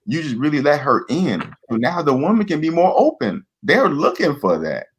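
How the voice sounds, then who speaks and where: A man's voice: fairly high pitch, big pitch swings, normal speed, breathy edge. A middle-aged man, a guest in a casual chat, giving earnest advice and acting out bits of dialogue. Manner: earnest, preachy, acts out dialogue.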